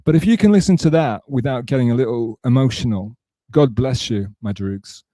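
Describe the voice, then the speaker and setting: A man's voice: medium pitch, fairly quick, dark tone, no room sound, clean studio sound. A man hosting a livestream, rambling and swearing casually to his chat, often correcting himself mid-sentence. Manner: rambling, profane, self-correcting. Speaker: livestream host.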